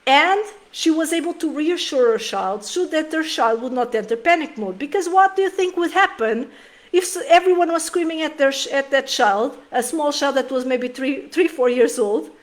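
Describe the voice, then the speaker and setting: Woman, thirties, high voice, earnest, emotional, restarts sentences, casual vlog to camera. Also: expressive, normal speed. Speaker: parenting vlogger.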